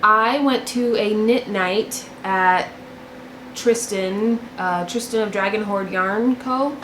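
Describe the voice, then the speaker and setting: A woman's voice: mid-range voice, takes it slowly, fairly bright tone, a little hiss or hum. A young woman hosting a knitting video podcast, chatting casually and gushing about her finished projects, often repeating words for emphasis. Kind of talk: casual show-and-tell chat. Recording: echoey room.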